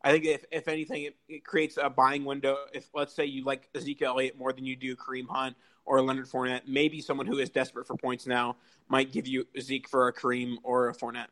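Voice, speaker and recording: A man with a medium-pitched voice speaks at a brisk clip as a panelist on a sports podcast. He thinks aloud and often restarts his sentences. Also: completely flat delivery, fairly bright tone, rough recording. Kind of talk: casual sports podcast chat.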